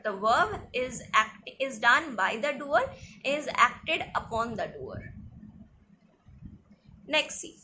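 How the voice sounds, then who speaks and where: Bright high-voiced woman teaching grammar. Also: a little hiss or hum. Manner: repeats each example slowly, frequent "okay" and "see". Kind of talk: classroom grammar lesson.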